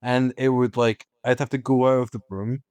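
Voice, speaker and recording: A man co-hosting a casual film podcast, excitable and repeating himself as he jumps into the talk. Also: mid-range voice, moderate pace, clean tone, no room sound. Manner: excitable, repeats words when talking over others. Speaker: podcast co-host.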